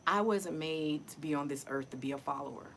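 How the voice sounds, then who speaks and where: A woman's voice: sits low, fairly quick, a bit bright, slight background noise, low-quality recording. A middle-aged woman talking casually and emotionally to her viewers in a personal vlog, often repeating herself. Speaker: vlogger.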